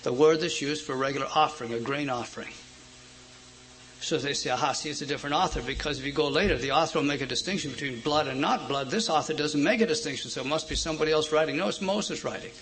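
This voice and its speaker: Emphatic preacher with a higher voice. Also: male voice, fast talker, rough recording. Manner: emphatic, asks the audience questions; swings between loud stresses and quiet asides. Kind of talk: sermon.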